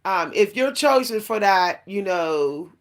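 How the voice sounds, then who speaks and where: A woman's voice: mid-range voice, lively intonation, slow. Rambling woman in a casual spiritual monologue. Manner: rambling, with many fillers and restarts; laughs now and then while talking. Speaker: spiritual vlogger.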